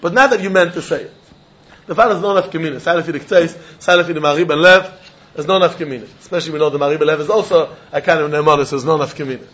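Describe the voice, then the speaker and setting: Man giving a lively Talmud lecture. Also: on the high side, rapid-fire. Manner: mixes Yiddish and Hebrew terms into English; acts out both sides of a case in quoted voices. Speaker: Talmud teacher. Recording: dull lo-fi recording.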